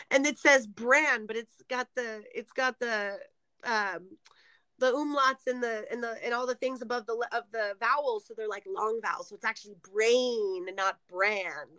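A woman's voice: a little high, moderate pace, pushed and bright, dry recording. A woman, a former seller for a sales scheme, chatting casually as a guest on a live stream and explaining terms with frequent laughs.

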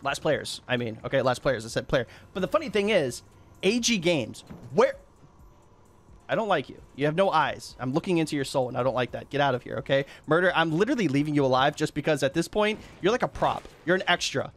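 Excitable high-voiced man yelling over gameplay. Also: brisk. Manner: loud, excitable, trash-talking, laughs and yells often. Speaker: gaming YouTuber. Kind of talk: energetic gameplay commentary.

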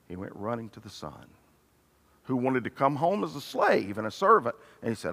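An older man preaching a sermon, swinging between loud, emphatic passages and hushed, tender ones. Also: medium pitch, very animated, a little fast, vocal fry. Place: church sanctuary. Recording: reverberant church hall.

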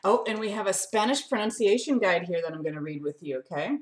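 A woman reading a picture book aloud to children, animated and sing-song, talking straight to her young listeners. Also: mid-range voice, fast talker. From lives in Arizona desert.

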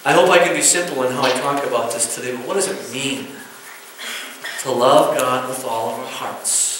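A man's voice: medium pitch, normal speed, a bit bright, a little hiss or hum. A male pastor preaching a sermon to his congregation in a folksy way, often checking in with them. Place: church sanctuary. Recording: very echoey church room from far off.

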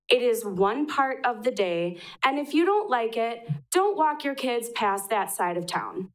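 A woman's voice: a little high, big pitch swings, a little slow, few pauses, rough recording. A young woman from Wisconsin giving an earnest public comment at a city council meeting.

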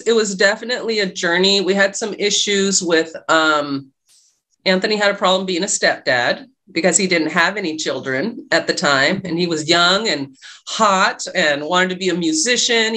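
A woman's voice: fairly low pitch, normal speed, sharp tone. A middle-aged woman, a guest telling a personal story in a casual interview, acting out the dialogue as she goes. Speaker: guest, love and life coach.

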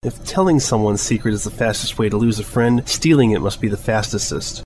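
A man's voice: a little high, sing-song, moderate pace, gravelly, background noise, pitched above the performer's own voice. A man voicing a bubbly, hyper female pony with a sing-song voice in a storybook reading. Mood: playful.

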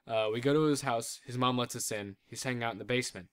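A man's voice: medium pitch, fast talker, fairly bright tone, clean tone. Rambling joking young man. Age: young adult. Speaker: podcast cast member. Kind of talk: casual chat, storytelling.

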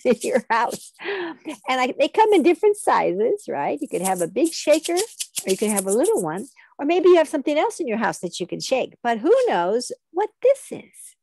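Lively woman leading a kids' music lesson. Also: a little high, vocal fry, no room sound. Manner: animated, coaxing sing-along leader, call and response. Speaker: music teacher.

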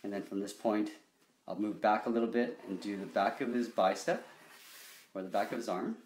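Low-voiced man teaching a drawing lesson. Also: normal speed, echoey room, a little hiss or hum. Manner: relaxed, talks through each stroke with frequent "okay?". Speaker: drawing instructor.

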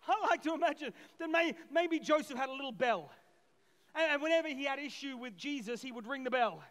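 A middle-aged man preaching a lively sermon as pastor, swinging between loud shouted peaks and quiet asides, acting out voices from the story. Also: very high-pitched, a little fast. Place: church auditorium. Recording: long hall reverb.

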